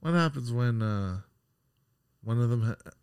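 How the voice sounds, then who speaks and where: A man's voice: mid-range voice, lively intonation, unhurried, a little mellow, clear, resonant tone, dry recording. Agreeable man asking follow-up questions. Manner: agreeable listener, frequent backchannels and questions. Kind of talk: casual chat.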